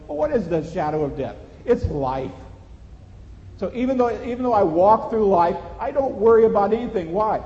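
A man's voice: high-pitched, expressive, brisk, a little mellow, slight background noise. A man preaching a sermon as pastor, earnest and conversational, building to emphatic points. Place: church sanctuary. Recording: muffled sound with long church reverb.

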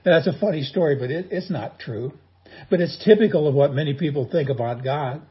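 A male pastor preaches a sermon in a folksy style, telling stories and joking. He speaks briskly in a slightly high, deeply husky and rough voice. The recording sounds dull and lo-fi.

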